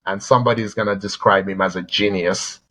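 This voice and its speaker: A man co-hosting a sports podcast, telling stories in a rambling, animated way and often repeating words. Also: lowish voice, fast, poor audio. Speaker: podcast co-host. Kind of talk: casual sports chat.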